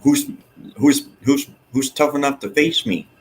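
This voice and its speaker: A man's voice: mid-range voice, unhurried, a little hiss or hum, natural voice. A man putting on a cocky male pro wrestler who calls out a rival in a brash, challenging way.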